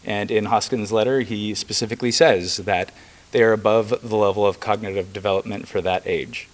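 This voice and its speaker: Casting: young man, lowish voice, earnest legislator at a press conference, emphatic. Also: fairly even intonation, a little fast. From rural Missouri. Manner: earnest and emphatic, with occasional fillers. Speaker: state legislator.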